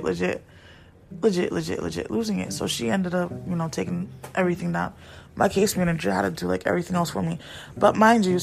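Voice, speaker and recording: A woman's voice: medium pitch, gravelly, darkish tone. A young adult woman venting in a blunt, frustrated storytime, repeating herself for emphasis. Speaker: vlogger.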